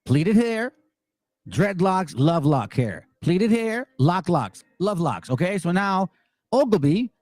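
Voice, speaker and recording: An angry man holds forth in a high voice that leaps all over the place. He talks in a profane, mocking way and keeps repeating himself. The sound is dry and close, with no room echo. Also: sing-song, takes it slowly, darkish tone. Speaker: religious commentary channel host. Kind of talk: heated monologue commentary.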